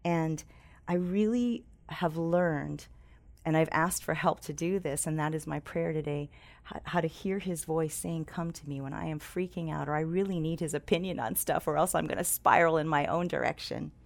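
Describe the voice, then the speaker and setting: Woman, pastor, sermon, low voice, gravelly, earnest, restarts words. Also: steady tone, moderate pace. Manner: earnest, warm-hearted preaching with repeated restarts and scripture readings. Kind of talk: sermon with prayer.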